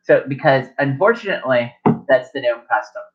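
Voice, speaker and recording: A man's voice: medium pitch, expressive, brisk, soft background music. A man narrating as game master at a tabletop game, rambling and correcting himself as he goes, in a lo-fi recording.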